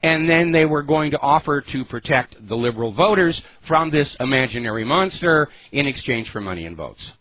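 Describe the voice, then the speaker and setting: A man's voice: mid-range voice, lively intonation, moderate pace, few pauses, no room sound, highs cut off. Sarcastic male talk radio host. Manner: opinionated, sarcastic, emphatic. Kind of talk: political talk radio monologue.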